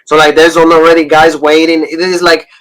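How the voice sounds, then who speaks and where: A man's voice: a little high, flat delivery, normal speed, fairly bright tone, poor audio. A man co-hosting a wrestling review podcast, talking in an enthusiastic, rambling casual chat. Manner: enthusiastic, rambling fan talk.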